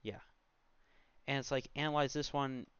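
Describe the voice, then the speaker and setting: A man's voice: mid-range voice, moderate pace, fairly bright tone, smooth, no room sound. A man in his twenties giving a casual, rambling screen-recorded walkthrough, full of fillers and side comments. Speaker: tutorial host. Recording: slightly dull, dry home recording.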